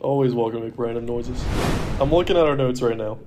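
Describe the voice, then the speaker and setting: A man's voice: mid-range voice, fast, background noise. Rambling young man who says "like" a lot. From Baltimore area, US. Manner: rambling, heavy use of "like". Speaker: podcast co-host. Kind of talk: casual chat.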